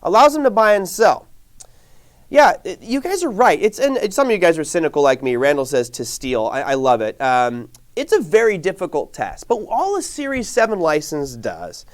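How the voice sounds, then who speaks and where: A man's voice: fairly high pitch, normal speed. A man teaching a live online trading class, talking casually and answering viewers' chat questions. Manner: conversational, reads viewer chat aloud; animated, rhetorical questions. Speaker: trading instructor.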